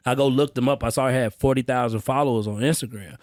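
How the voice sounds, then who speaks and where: A man guests on a podcast and tells his story with lots of energy and loose street slang. His pitch sits in a middle range for a man. The recording is dry and close to the mic. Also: steady tone, fast talker, hardly any pauses, a little mellow, no echo. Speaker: podcast guest, sales trainer. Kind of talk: casual podcast chat. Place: on-site session at a roofing company.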